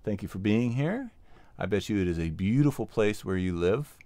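Here a man speaks at normal speed in a warm, expressive voice on the lower side, captured in a dry recording. As a livestream host and sound mixer, he builds equipment while chatting casually with viewers, slightly out of breath and peppering his thoughts with ums.

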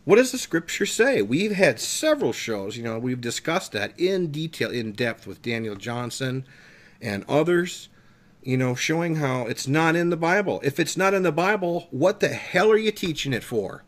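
A man's voice: medium pitch, lively intonation, moderate pace. A man preaching fervently on a talk show, emphatic and emotional, his voice climbing when he gets worked up.

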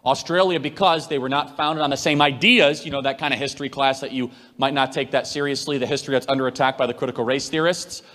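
A man speaks at a brisk clip, driving each point home with emphasis. His delivery has the cadence of a preacher addressing a crowd. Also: mid-range voice, fairly even intonation, fairly bright tone. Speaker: event host answering audience. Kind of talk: political speech to a live audience.

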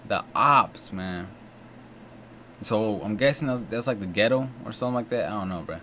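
A man's voice: fairly low pitch, normal speed, sharp tone, a little hiss or hum. A young American man hosting a reaction video, commenting casually and with lots of exclamations and slang. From United States. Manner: slangy, exclamatory, keeps saying "you know what I'm saying" and "bro". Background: faint music from the video he is watching.

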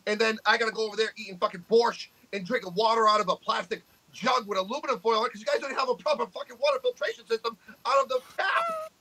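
A man's voice: high voice, sing-song, fast, sharp tone, rough recording. A man, co-hosting a podcast with brash, profane trash talk. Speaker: podcast co-host, arm wrestler. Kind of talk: casual podcast chat.

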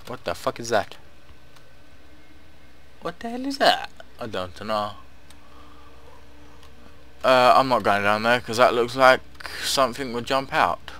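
A man's voice: mid-range voice, big pitch swings, a little slow, pauses often, bright, forceful tone. A young man casually commentating a story game, sarcastic and swearing freely, talking back at the characters on screen. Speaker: gamer playing through a story game. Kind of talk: casual let's-play commentary.

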